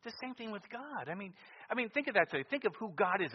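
A man preaching a sermon in a church, moving between loud emphatic lines and quiet asides. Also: high-pitched, sing-song, fast, a little hiss or hum. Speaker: pastor. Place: church sanctuary. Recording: muffled sound with long church reverb.

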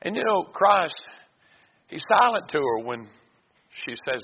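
A man's voice: high voice, sing-song, unhurried. A male preacher giving a folksy, emphatic sermon and reading scripture aloud in a church. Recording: dull echoey church recording with faint hiss.

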